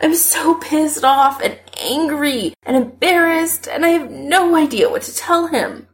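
Lady reading as a tired miserable guy, short flat answers, slow. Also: high voice, voice pushed up. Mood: upset. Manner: flat, subdued, terse. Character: glum, weary young man, miserable and blunt. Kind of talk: audiobook character voice.

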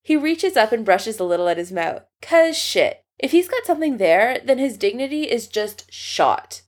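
A woman reading a fan story aloud with expressive narration. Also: fairly high pitch, moderate pace. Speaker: story reader.

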